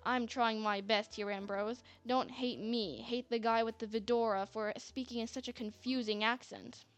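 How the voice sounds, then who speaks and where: A woman's voice: on the high side, fairly even intonation, moderate pace. A woman narrating a story in a chatty manner, with sarcastic asides. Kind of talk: scripted narration. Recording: faint music bed.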